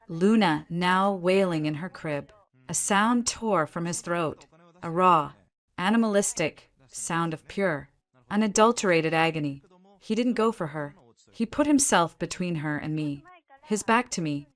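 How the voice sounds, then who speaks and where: A woman giving a tense, vivid first-person narration of a scripted dramatic story. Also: on the low side.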